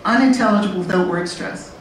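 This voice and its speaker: A woman speaking on a conference panel in a lively, blunt way, acting out learners and babies. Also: medium pitch, fast. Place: conference room. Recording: very echoey room from far off, faint noise.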